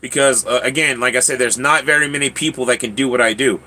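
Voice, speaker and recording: Bright-voiced chatty man. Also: mid-range voice, fast. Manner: stammering, repeats words, chatty. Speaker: livestream host. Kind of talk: casual chat reading viewer comments.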